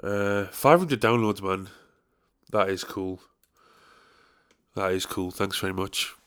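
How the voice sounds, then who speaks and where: A man's voice: sits low, slow, fairly bright tone. Rambling, crude young man. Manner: rambling, crude and jokey, self-mocking. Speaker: podcast host. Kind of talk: casual solo podcast chat.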